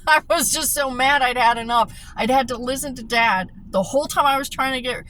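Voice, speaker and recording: A woman's voice: high-pitched, a little fast, rough recording. A woman vlogging casual stories while driving, blunt and profane and laughing often. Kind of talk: casual storytelling vlog. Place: inside a car while driving. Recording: steady car noise behind. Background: road and engine noise.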